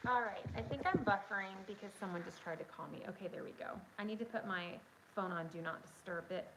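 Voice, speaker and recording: A woman hosting a casual livestream from home on her phone, telling a story in an excitable, chatty way and talking straight to her viewers. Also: medium pitch, fast talker, heavy background noise. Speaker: livestream host.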